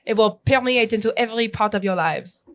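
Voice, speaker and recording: A woman plays a haughty French revolutionary with a put-on French accent and a fairly high voice. She speaks with theatrical superiority in an improvised musical comedy. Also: brisk, a bit bright. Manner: theatrical, laughing between lines.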